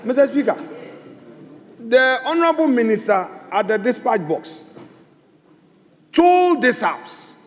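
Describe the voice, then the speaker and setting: Insistent high-voiced MP. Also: male voice, very animated, takes it slowly, pauses often. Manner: insistent, repeats his challenge. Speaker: minority leader in parliament. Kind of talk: parliamentary debate. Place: large parliament chamber. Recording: long reverb of a large chamber.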